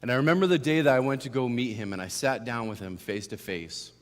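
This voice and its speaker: A young man tells his life story as a sermon testimony, earnest and steady. He drops to a hush, then presses hard on key lines. His voice sits mid-pitch and trails off in a long church reverb. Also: fast. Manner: earnest storytelling, swings from hushed to emphatic. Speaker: guest speaker giving testimony. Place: church sanctuary.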